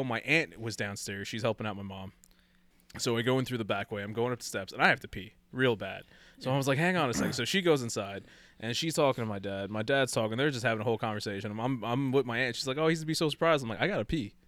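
A man tells a rambling story in easy, casual chat, slipping into quoted voices and breaking into laughter. His voice sits in a middle pitch. The sound is dry and close. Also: fast, dry recording. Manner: animated, acts out quoted voices, laughs often.

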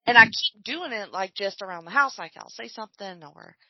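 A woman co-hosting a podcast, musing in casual chat while watching a film, often trailing off softly. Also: mid-range voice, lively intonation, fairly quick, dull audio. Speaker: podcast co-host. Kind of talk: casual chat during a movie watch-along.

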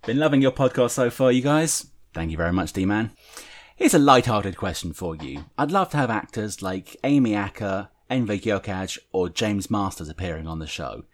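A man's voice: on the low side, animated, normal speed. A man hosting a fan podcast, chatting casually and reading listener letters aloud. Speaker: podcast host.

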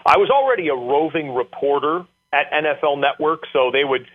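A man's voice: on the high side, a little fast. Man telling stories over a phone line. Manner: animated storyteller with many fillers. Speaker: guest. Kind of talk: casual storytelling interview.

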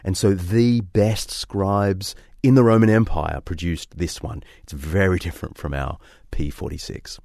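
A man presenting history in a lively storytelling way, quoting old texts aloud. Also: deep voice, unhurried, creaky, no echo, studio quality. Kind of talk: documentary-style explanation.

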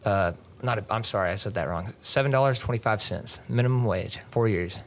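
A man's voice: on the low side, brisk. A man, a podcast guest telling his story in a rambling, easygoing way with lots of filler words. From Texas. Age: 20s. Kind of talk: casual interview storytelling.

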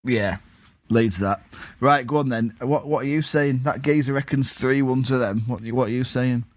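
A man co-hosting a casual football podcast from home, jokey and quick to laugh at himself. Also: medium pitch, dry recording. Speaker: podcast co-host. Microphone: recorded at home.

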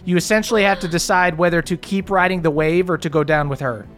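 Hesitant game master with music behind. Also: male voice, high voice, quick pace. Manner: hesitant, lots of ums, relaxed. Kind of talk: narrating a tabletop game.

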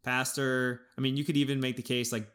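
A man co-hosting a sports podcast, thinking aloud in an animated way with frequent restarts as he breaks down his team's football season. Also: mid-range voice, a little fast, clean tone. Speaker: podcast co-host. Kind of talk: casual sports podcast analysis.

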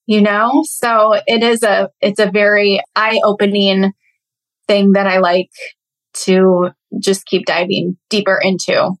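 A woman in her thirties speaks as a health coach on a casual podcast, earnest and reflective. She talks at an unhurried pace with an ordinary pitch. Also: little pitch movement, poor audio. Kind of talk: casual interview chat.

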